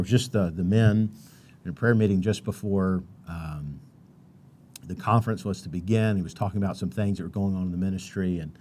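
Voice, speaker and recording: A man's voice: fairly low pitch, warm tone. Man preaching a conversational sermon. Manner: conversational preaching with many restarts, quoting Bible verses.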